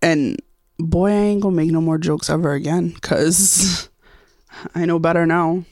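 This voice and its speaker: A woman's voice: fairly low pitch, steady tone, a little slow, a little mellow, dry recording, studio quality. A woman co-hosting a casual podcast, ranting with heavy swearing and bursts of laughter. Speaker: podcast co-host.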